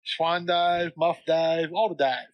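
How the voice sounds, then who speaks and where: A man co-hosts a podcast, chatting playfully about a film and acting out quotes in exaggerated voices. His pitch sits a little high. The sound is dry and close. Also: steady tone, slow pace, no room sound, dull audio. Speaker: podcast co-host. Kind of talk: casual movie recap chat.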